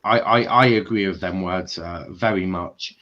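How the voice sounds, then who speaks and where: Low-voiced man hosting on a dull call. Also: normal speed, pushed and bright, a little hiss or hum. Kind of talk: casual football chat.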